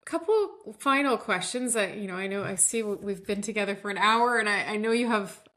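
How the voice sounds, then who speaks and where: A woman's voice: mid-range voice, lively intonation, fairly quick, fairly bright tone. A woman hosting a podcast interview in a chatty conversational manner, with frequent affirmations. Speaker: podcast host.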